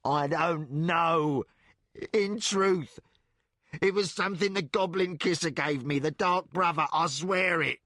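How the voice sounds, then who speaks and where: A man voicing a terrified male thief with a hoarse voice, pleading near tears in an audiobook reading. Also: on the low side, slow, long pauses, sharp tone, dry recording, clean studio sound, exaggerated voice. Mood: pleading, frantic.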